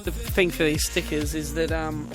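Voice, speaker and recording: A man's voice: fairly high pitch, little pitch movement, moderate pace, music in the background. A man hosting a casual chat, jokey and prodding his guest with questions. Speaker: host.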